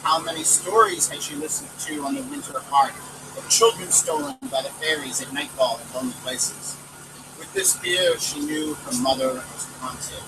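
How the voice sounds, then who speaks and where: A man reading a story aloud in a lively, expressive way, recorded outdoors from a distance with street traffic behind. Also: on the high side, normal speed. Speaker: volunteer reader. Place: outdoors near a city hall.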